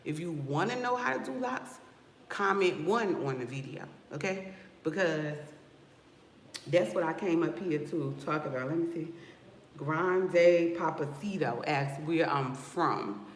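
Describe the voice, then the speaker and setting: A woman from Newark with a West Coast hip-hop inflected American accent, a loc stylist talking casually to her livestream viewers, sassy and animated. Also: low voice, moderate pace, a little hiss or hum. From Newark, New Jersey. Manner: sassy, animated, addresses viewers with "y'all" and "okay?". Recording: roomy echo with faint background ambience.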